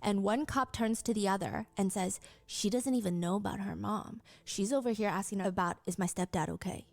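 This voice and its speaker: A woman narrating a true-crime story in a calm, measured way. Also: medium pitch, creaky, no echo.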